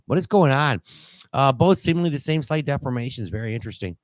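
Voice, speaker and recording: A man hosting a call-in talk show, rambling and halting with many fillers and restarts as he reads posts aloud. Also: mid-range voice, animated, dry recording. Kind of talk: casual call-in show commentary.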